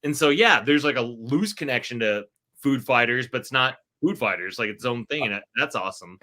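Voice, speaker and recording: A man with a bright, forceful voice talks as a guest on a stream. His talk is quick and full of fillers and jokes. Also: mid-range voice, expressive. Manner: fast, filler-heavy, joking. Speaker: toy designer guest. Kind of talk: casual chat.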